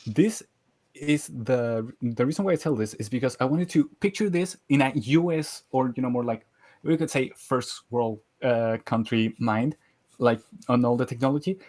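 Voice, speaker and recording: A man's voice: medium pitch, normal speed, darkish tone. Guest, man, 20s, from Chile, easygoing storyteller in casual chat.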